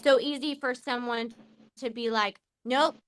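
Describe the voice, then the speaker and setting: A woman's voice: on the high side, bright, forceful tone. A woman in her forties hosting a podcast, talking with raw emotion, swearing often and restarting her sentences. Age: 40s. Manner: impassioned, swearing, halting restarts. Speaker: podcast host. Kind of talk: emotional casual chat.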